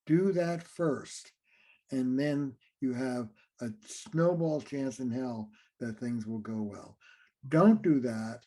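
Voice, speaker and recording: Mellow-voiced man explaining relationships. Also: medium pitch, takes it slowly. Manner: animated, acts out little scenes between partners. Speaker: relationship therapist and author. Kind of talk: conversational interview explanation.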